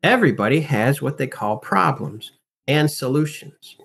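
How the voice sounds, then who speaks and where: A man's voice: mid-range voice, expressive, normal speed, vocal fry, a bit bright, slightly rough. A man talking as a guest in an interview, an acting and life coach who speaks emphatically and animatedly and teaches through rhetorical questions. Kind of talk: casual interview talk.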